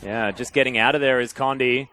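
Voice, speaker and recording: A man calling an esports match play-by-play, swinging from relaxed chatter to loud, fast calls in big fights. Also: medium pitch, smooth. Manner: excitable, rising loud and fast in big plays. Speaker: esports commentator.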